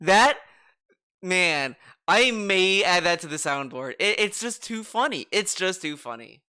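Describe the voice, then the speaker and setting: A man's voice: sits high, lively intonation, a little slow, sharp tone, clear, resonant tone. A man streaming, commenting on clips in a mocking, sarcastic way. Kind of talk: casual commentary.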